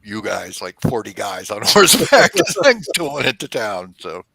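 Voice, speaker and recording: A man narrating a tabletop role-play game as game master, in an animated storytelling manner. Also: lowish voice, normal speed, creaky, crowd noise.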